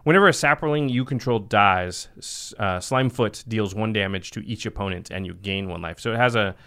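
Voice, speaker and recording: A man's voice: fairly low pitch, fairly quick, fairly bright tone, clean tone. A man hosting a podcast, chatting casually and explaining card game rules step by step. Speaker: podcast host.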